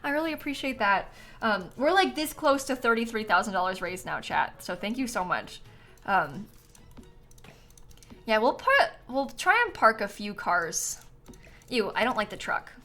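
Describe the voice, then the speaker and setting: Bright, lively woman streaming casually. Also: a little high, unhurried, soft background music. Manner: chatty and giggly, reads out chat donations. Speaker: livestream host. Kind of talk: casual chat while gaming.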